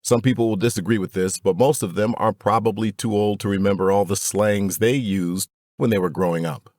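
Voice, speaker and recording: A man reading a fatherly advice book aloud in a deliberate, instructive way, speaking to his son. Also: on the low side, steady tone, darkish tone, dry recording, studio quality. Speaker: narrator.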